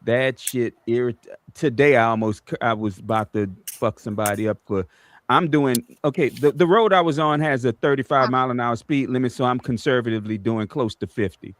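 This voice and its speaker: A man's voice: mid-range voice, fairly quick. A man telling a road rage story in a casual stream chat. He swears constantly and acts out the people in his stories.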